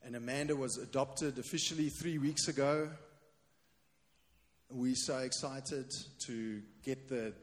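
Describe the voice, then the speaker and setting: A man's voice: medium pitch, fairly even intonation, measured pace. A man preaching a sermon as pastor, emphatic and repeating his key refrain. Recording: long hall reverb.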